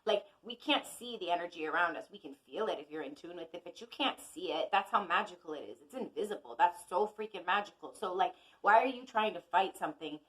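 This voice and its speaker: A woman's voice: fairly low pitch, expressive, quick pace, few pauses, a bit bright, low-quality recording. A woman giving a casual teaching talk as an intuitive healer and astrology teacher. She is chatty and conversational and speaks straight to her viewers.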